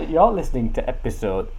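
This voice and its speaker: Brief: laid-back male podcast host, mellow tone, teasing banter, lively pitch. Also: husky, poor audio. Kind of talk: casual chat.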